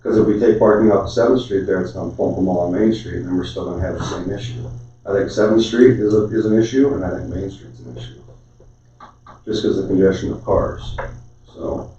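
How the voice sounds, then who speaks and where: A man's voice: low voice, fairly even intonation, fairly quick, mellow. A man speaking at a city council meeting, explaining a point in a plain, patient way with lots of "I mean". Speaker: council member. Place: council chamber. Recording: far-off mic, echoey chamber, dull sound.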